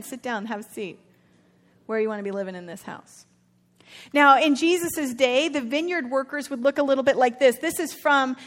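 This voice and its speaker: A woman preaching a sermon on a parable, retelling it in a conversational, animated way with casual slang. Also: high-pitched.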